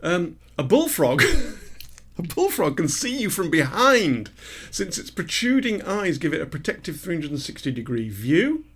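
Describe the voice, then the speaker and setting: A man's voice: a little high, very animated, normal speed, fairly bright tone, breathy edge. A man co-hosting a podcast, reading out animal facts and telling a silly joke with lots of ums and uhs. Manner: reads out trivia with many fillers, jokey storyteller. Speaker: podcast co-host. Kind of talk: casual chat.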